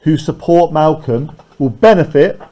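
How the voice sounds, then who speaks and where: A man's voice: fairly high pitch, a little slow, warm tone, muffled recording. A man teaching a class, explaining lines of a play and often checking in with "right?".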